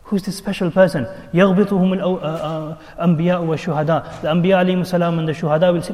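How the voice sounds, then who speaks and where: A man giving a mosque sermon as imam, telling stories with lively voices for the people in them. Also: on the high side, racing, in a large hall. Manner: animated storytelling, acting out quoted voices.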